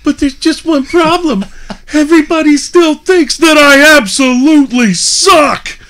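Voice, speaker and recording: A man doing a loud, high, mocking impression of a wrestler taunting a rival. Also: measured pace. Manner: high mocking sing-song, shouted.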